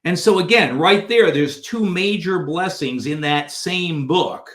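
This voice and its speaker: A man with a fairly high voice spins an animated story as a podcast guest and slips into different voices for the people he quotes. The sound rings in a roomy, echoey space. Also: measured pace. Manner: acts out quoted dialogue in changing voices. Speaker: guest author.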